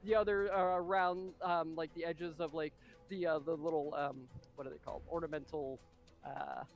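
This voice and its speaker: A man narrating as game master of a tabletop game, excitable and full of fillers and spoken sound effects. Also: fairly high pitch, moderate pace, gravelly, faint music behind.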